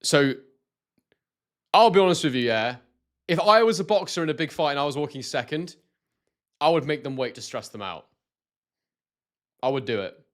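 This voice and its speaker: A young British man from Scotland with a London-like accent, hosting a live boxing stream in casual commentary and reading out chat messages excitedly. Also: on the high side, moderate pace, pauses often. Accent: southern English, London-like.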